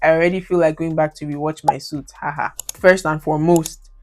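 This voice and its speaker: Chatty Nigerian woman with a low voice. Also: steady tone, brisk, soft background music. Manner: chatty, laughs often, slips into Nigerian Pidgin. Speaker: YouTube movie reviewer. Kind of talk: casual commentary on her old reviews.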